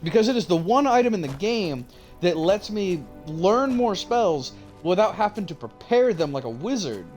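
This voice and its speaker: A man's voice: high voice, very animated, moderate pace, darkish tone, faint music behind. A young man streaming a game, chatting casually and telling a rambling, profane story. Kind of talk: casual chat while gaming.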